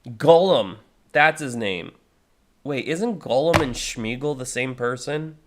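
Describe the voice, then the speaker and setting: A man in his thirties talks slowly and loosely on a live stream, full of fillers and restarts. His pitch sits in the middle for a man, and now and then he breaks into bursts of harsh vocal demonstrations. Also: lively intonation, noisy background. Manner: rambling, many fillers and restarts. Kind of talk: casual live-stream chat.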